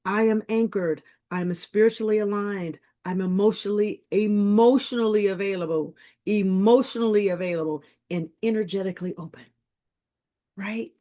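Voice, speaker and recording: A business and wealth coach leads a motivational group coaching call, speaking emphatically with plenty of repetition and affirmations. Her voice is on the low side, with a somewhat dark tone.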